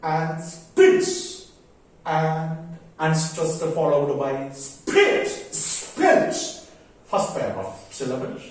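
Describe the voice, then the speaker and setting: Guy teaching poetry super slow, stretching out syllables, boomy echo like he's across the room. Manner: slow, deliberate, drawn-out syllables. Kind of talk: slow poetry lesson on meter. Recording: echoey room, voice from far off.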